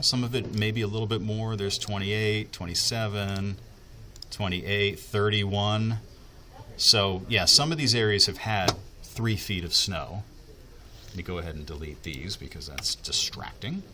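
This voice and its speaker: A man's voice: fairly low pitch, pushed and bright, a little hiss or hum. A man working as a TV meteorologist, explaining the weather in a casual, chatty way, with asides and fillers as he thinks aloud.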